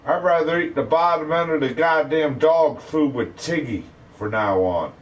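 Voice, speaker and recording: A man ranting bitterly to his live stream, full of cursing and rambling complaints. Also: on the high side.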